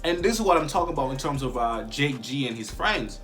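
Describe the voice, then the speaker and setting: A man's voice: medium pitch, expressive, brisk, fairly bright tone, soft background music. A man giving a casual video review of a webtoon chapter, talking in heavy slang and often asking "you know what I'm saying".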